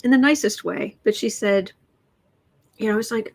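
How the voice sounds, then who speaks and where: A woman's voice: medium pitch, normal speed, vocal fry. A woman hosting a tarot livestream, chatting casually, telling anecdotes and reading out viewer comments. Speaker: tarot reader and livestream host.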